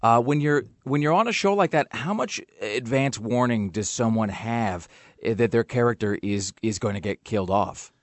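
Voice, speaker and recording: A man's voice: mid-range voice, normal speed, no echo. Chatty male interviewer, dry studio sound. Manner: chatty, rambling questions with restarts. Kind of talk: casual radio interview.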